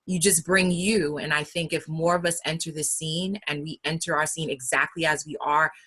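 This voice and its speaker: A woman's voice: deep voice, fairly even intonation, moderate pace, a bit bright, slightly rough. A woman with a New York accent speaking frankly and emphatically in a casual talk about public speaking. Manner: candid and emphatic.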